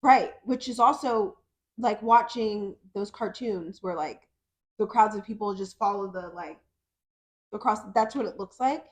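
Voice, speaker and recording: A woman co-hosting a podcast in casual chat, relaxed, with short replies and easy laughter. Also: medium pitch, unhurried. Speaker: podcast co-host.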